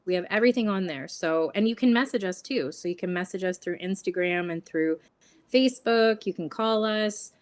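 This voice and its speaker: A woman's voice: on the low side, moderate pace. Earnest, chatty woman shop owner. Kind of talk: casual interview chat.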